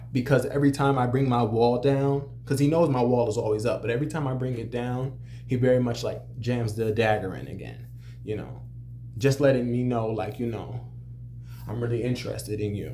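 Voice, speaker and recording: Young man, cook, vlog storytelling. Mellow, relaxed tone, chatty with constant fillers, faint hum behind. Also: mid-range voice. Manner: conversational, many "you know" fillers, animated when quoting others. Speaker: restaurant cook. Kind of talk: casual storytelling to camera.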